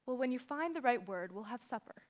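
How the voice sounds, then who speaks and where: A woman playing a stern, no-nonsense older farm woman who speaks in a brisk, commanding way, in a live stage musical. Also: on the high side, expressive, a little hiss or hum, lightly acted. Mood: dry. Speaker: stage actor in a youth musical.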